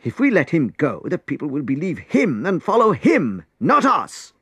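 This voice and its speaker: A man's voice: fairly high pitch, wildly swooping pitch, normal speed, fairly bright tone, slightly rough, no echo, voice pushed up, exaggerated voice. A man voicing anxious male Pharisees in a storybook reading, with a whiny, fretting way of talking. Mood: whining. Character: whining worried male Pharisees.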